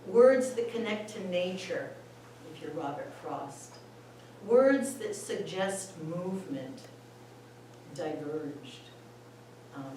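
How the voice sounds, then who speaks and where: A woman explains poems to a roomful of singers in an easygoing, chatty way. She talks slowly and laughs often. She is heard from well off the mic in a hall full of echo, with a faint hum behind her. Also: medium pitch, darkish tone. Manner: chatty and unhurried, laughs often, reads lines aloud. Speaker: former school administrator giving a talk to choir singers. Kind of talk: informal talk on poetry. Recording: echoey room, voice far from the mic, faint background noise.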